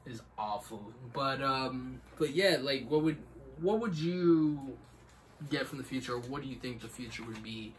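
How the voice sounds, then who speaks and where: A man's voice: mid-range voice, expressive, normal speed. A young man co-hosting a casual podcast, rambling and laughing often. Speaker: podcast co-host. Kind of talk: casual chat. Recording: distant mic, faint background noise.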